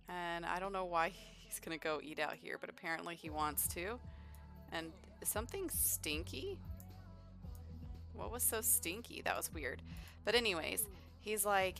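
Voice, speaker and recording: Woman host, casual game commentary, chatty and upbeat, lowish voice, faint music behind. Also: moderate pace, a bit bright. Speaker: let's play host.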